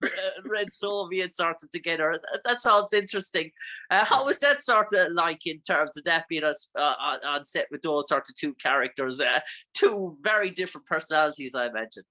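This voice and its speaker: Rambling Irish man, bright voice. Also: a little high, animated, fairly quick. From Ireland. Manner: rambling, filler-heavy phrasing. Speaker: interviewer. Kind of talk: casual interview.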